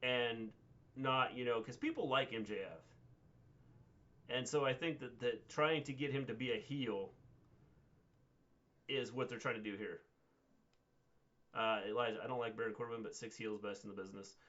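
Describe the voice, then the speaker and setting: A man co-hosting a casual livestream recap, talking in a measured way with frequent hesitations and "um"s. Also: mid-range voice, pushed and bright, muffled recording. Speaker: co-host.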